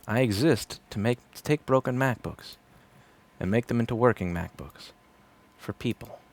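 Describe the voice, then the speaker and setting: A gravelly-voiced man in his thirties chats on a livestream from a repair shop. He rambles and swears freely. His tone is sardonic. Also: mid-range voice, moderate pace. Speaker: repair technician. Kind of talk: casual livestream chat while working.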